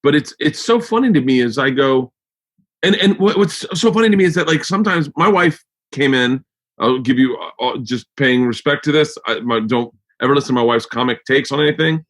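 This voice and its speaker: A man's voice: mid-range voice, fairly quick. An American man hosting a podcast, talking in a rambling, profane way with lots of restarts. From United States. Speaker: podcast host. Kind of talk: casual chat.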